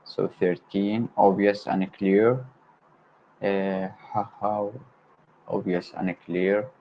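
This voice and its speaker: Slow, low-voiced man drilling words. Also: level tone. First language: Arabic. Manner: repeats vocabulary words slowly, one at a time. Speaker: language learner on a livestream. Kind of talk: slow self-study word drill. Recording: dull lo-fi home stream with faint noise.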